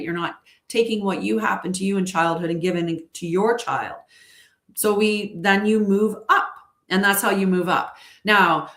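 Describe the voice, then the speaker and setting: A woman's voice: lowish voice, reverberant. A woman leading a group spiritual session, explaining ideas in a conversational way and often checking in with the listener. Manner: conversational, keeps checking in with "right?". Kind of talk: casual spiritual talk.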